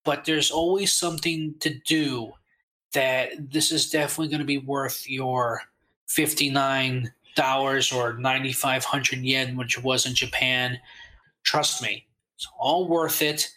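A man's voice: medium pitch, fairly even intonation, a little slow, bright, forceful tone, poor audio. A man reviewing a video game as a podcast guest, explaining eagerly.

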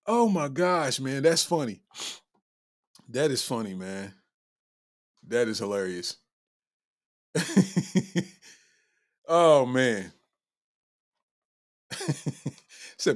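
Animated, slangy comedic podcast host, man. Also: medium pitch, very slow, pauses often. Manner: slangy, incredulous, laughs often. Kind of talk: casual comedic commentary reading chat.

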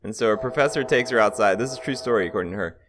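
A man's voice: on the low side, rapid-fire, background noise. A young adult man co-hosting a podcast, chatting casually, laughing often and telling stories. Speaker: podcast co-host. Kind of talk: casual chat.

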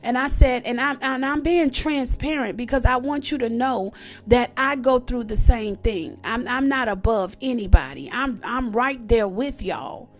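A woman's voice: on the high side, measured pace. A woman giving an emphatic, repetitive personal testimony in a conversational preaching style. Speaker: devotional speaker.

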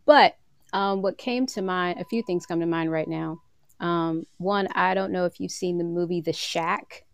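A woman's voice: on the low side, fairly even intonation, normal speed, gravelly, clean tone, dry recording. A woman co-hosting a faith podcast, talking earnestly about forgiveness and quoting scripture in its old wording. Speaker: podcast co-host. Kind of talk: casual faith talk, teaching on forgiveness. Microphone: remote call, moving around.

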